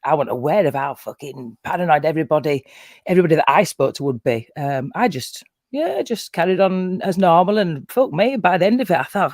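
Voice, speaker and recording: A man's voice: a little high, expressive, brisk, darkish tone, no echo, clean studio sound. A man with a Yorkshire accent, chatting casually as a guest on a livestream panel, sweary and self-mocking with frequent laughter. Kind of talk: casual chat.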